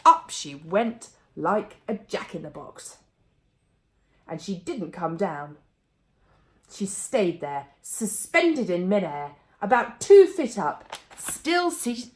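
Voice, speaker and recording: A woman reading a children's book aloud as a bedtime story, with expressive, animated storytelling. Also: lowish voice.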